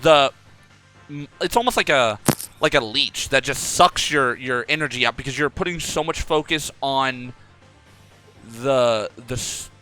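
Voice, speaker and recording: A young man coaching a player over a call in a casual, animated way, often acting out his own thoughts aloud. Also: medium pitch.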